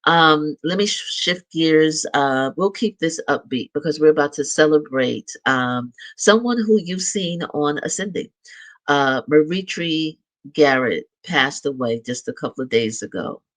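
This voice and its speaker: Here the live-show host, a middle-aged man, is animated yet measured in pace, his voice a little high and fairly bright. He chats upbeat through announcements with light laughs and restarts, captured on a rough recording.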